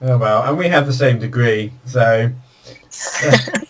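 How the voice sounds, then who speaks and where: A man hosts a casual video call chat, spinning jokey stories as a chatty storyteller. His mid-range voice is animated and measured in pace, and the distant video call audio carries background noise.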